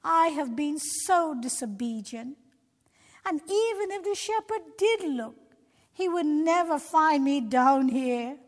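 Whiny bored storybook sheep boy, a lady putting it on, high voice, slow, echoey hall. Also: expressive. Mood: despairing. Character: bored, disobedient young male sheep. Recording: long reverb.

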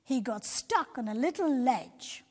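Expressive high-voiced woman reading to children. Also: measured pace. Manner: expressive, addresses young listeners directly. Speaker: storyteller. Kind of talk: Christian children's story narration. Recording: long reverb.

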